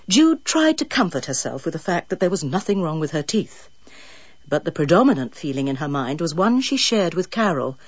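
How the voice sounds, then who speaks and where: Woman narrator, measured scripted reading, lively intonation, dry close sound. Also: low voice, no room sound, highs cut off. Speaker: audiobook narrator.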